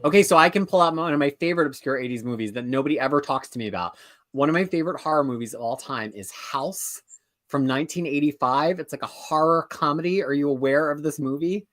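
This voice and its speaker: A man co-hosting a comics show in casual chat, animated and chatty, with self-mocking asides. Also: a little high, fast.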